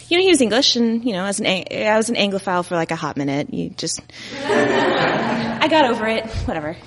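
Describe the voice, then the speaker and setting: A woman from Dallas telling a comic story on stage, chatty and laughing at herself. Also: mid-range voice. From Dallas, USA. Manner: chatty, laughing, self-mocking. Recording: noisy live venue with long reverb.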